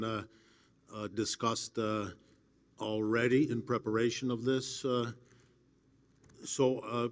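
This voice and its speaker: A man asks for clarification from the floor of an assembly. He speaks in a halting way, stopping often to fill pauses. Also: mid-range voice. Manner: halting, many fillers. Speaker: regional president at assembly.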